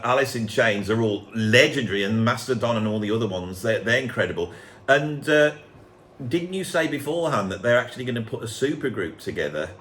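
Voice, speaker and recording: A man from England hosting a casual chat show, animated, jokey and rambling. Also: medium pitch, a little hiss or hum. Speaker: host.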